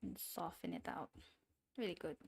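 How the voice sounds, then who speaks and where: A woman's voice: on the low side, normal speed, vocal fry, slight background noise. A woman streamer with an accent, chatting casually while she draws, rambling and talking to herself with small giggly asides. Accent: non-standard English accent. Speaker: VTuber streamer. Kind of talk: casual chat while drawing.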